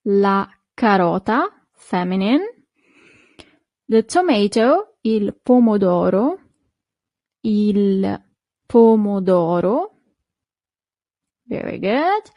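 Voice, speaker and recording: Woman, language teacher, very slow careful repetition, clear encouraging tone. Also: mid-range voice, darkish tone, dry recording. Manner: slow, clearly repeated pronunciation with short praise. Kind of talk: beginner language lesson.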